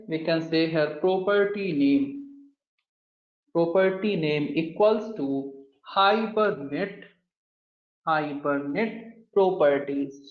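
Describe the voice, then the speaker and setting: Brief: male coding instructor, slightly high voice, walks through steps aloud, echoey dull recording. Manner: talks through steps while typing, often addresses the class as "guys". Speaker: programming instructor. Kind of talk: live coding lesson.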